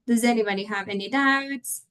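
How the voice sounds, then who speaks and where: A woman runs an online English teaching webinar. Her voice sits slightly high as she explains pronunciation patiently through a computer mic. She often stops to check on her audience. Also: fairly quick, fairly bright tone, clear, resonant tone, low-quality recording. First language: Spanish.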